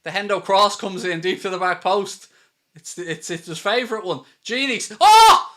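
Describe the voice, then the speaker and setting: Man, football watchalong host, excitable play-by-play, high voice, bright tone. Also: normal speed. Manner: excitable, shouts at big moments, reads out super chats. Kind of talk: live match commentary and chat.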